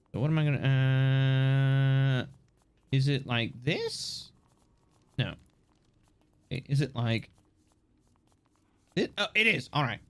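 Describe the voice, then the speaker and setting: A man streaming a game live, chatting casually with viewers in a rambling, playful way, swearing and laughing often. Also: mid-range voice. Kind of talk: casual live-stream chat while gaming.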